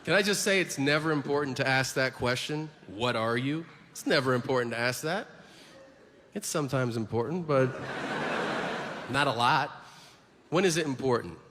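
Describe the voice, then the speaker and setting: A man performing a stand-up comedy set, telling stories in a brash, profane, animated way, recorded in an echoey live hall with noise behind. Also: mid-range voice, normal speed, long pauses.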